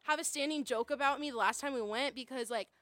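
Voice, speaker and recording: A young woman telling a story in casual chat, animated, acting out quoted voices and laughing often. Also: high voice, fast talker, dry recording. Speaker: guest storyteller.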